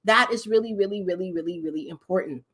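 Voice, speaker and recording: A woman's voice: medium pitch, fast, a bit bright, husky. A woman business coach hosting a live stream, chatting casually and animatedly with her viewers and laughing often.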